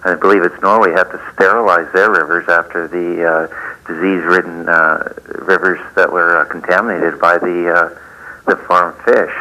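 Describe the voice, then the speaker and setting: A man who is a fisherman calling in to a talk show, frustrated and halting with many filler words. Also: low-pitched, steady tone, pushed and bright, rough recording. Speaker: caller, fisherman. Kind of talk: call-in comment.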